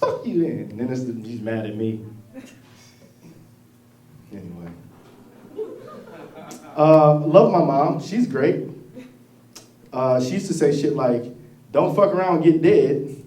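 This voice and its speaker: A man doing a stand-up comedy set, telling stories in a profane, animated way. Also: mid-range voice, takes it slowly, pauses often, crowd noise. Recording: echoey room, distant mic.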